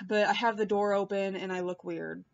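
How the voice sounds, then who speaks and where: A woman's voice: mid-range voice, fairly even intonation, moderate pace, gravelly. A woman in a casual, rambling chat to her viewers, filmed on a laptop mic at home, swearing and laughing often. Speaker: vlogger. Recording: dull lo-fi laptop audio.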